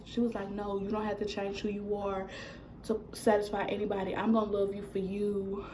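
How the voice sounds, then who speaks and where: A woman's voice: mid-range voice, a little fast, slight background noise, low-quality recording. Young woman telling a casual storytime. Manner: casual, animated retelling with quoted dialogue. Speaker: vlogger. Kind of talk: storytime vlog.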